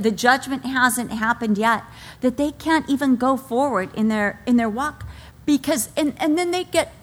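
A middle-aged woman, a pastor's wife, preaching a sermon and telling stories with acted-out quotes. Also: high voice. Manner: animated storytelling, acts out quoted voices. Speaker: pastor's wife and daughter, speaker. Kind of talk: sermon to a women's audience.

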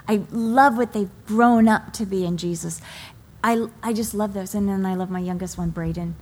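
A middle-aged woman preaching a sermon. She speaks with emotion, mixes stories about her children into her teaching, and slows down to stress key phrases. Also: medium pitch, darkish tone. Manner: slow, deliberate emphasis on key phrases.

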